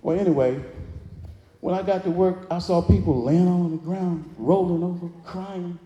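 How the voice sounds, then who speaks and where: Dark-voiced man speaking in hall. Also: sits high, normal speed. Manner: preacherly call-and-response, drawling Southern phrasing. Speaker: motivational speaker. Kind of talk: live inspirational speech to an audience. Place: large hall with audience. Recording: echoey hall, reverberant.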